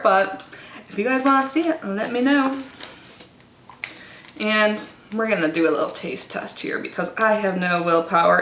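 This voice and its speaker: A woman's voice: mid-range voice, a bit bright, slight background noise. A woman chatting casually as she unboxes a subscription box, bubbly and talkative, reading product cards aloud. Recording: echoey room.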